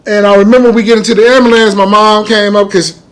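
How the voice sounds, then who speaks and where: A male comedian from Omaha tells a personal story on a casual podcast. His voice sits high for a man, and he curses freely. He grows louder and more animated when the story gets wild. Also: fast, smooth. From Omaha, Nebraska. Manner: animated, profane storyteller, loud when excited. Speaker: guest comedian.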